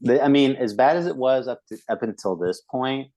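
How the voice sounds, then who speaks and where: A man's voice: mid-range voice, lively intonation, a little fast, warm tone, poor audio. A man co-hosting a movie review podcast, talking casually with many fillers and acting out quoted lines. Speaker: podcast co-host.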